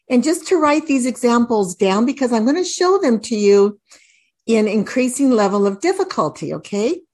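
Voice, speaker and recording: Slow, deliberate woman teaching parents. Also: fairly high pitch. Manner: slow, deliberate, modeling words to say aloud. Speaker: reading teacher. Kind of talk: instructional talk to parents.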